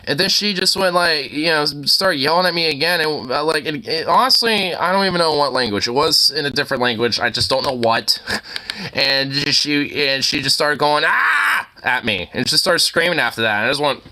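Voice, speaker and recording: A man's voice: fairly high pitch, a little fast. A man streaming, reacting to a video with casual, profane, exasperated commentary. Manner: animated, profane, exasperated ranting.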